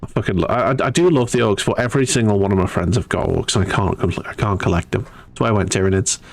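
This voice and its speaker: A man's voice: on the low side, fast talker, gravelly. A man hosting a hobby painting stream in casual chat, stumbling and repeating words and laughing easily.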